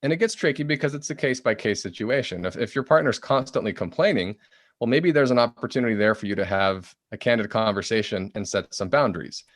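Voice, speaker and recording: A man's voice: medium pitch, fast talker, dry recording, clean studio sound. A man, a book author, explaining as a podcast guest in an easy conversational way, often acting out short quoted phrases. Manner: animated, acts out quoted phrases.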